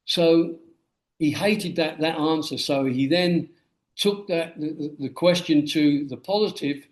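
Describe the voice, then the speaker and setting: A man with a slightly high voice tells his life stories with energy, slipping into the voices of the people he quotes. His speech sits in a noticeably echoey room. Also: unhurried. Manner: animated storyteller who acts out quoted dialogue. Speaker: guest, memoir author. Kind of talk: storytelling interview answer. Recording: roomy echo.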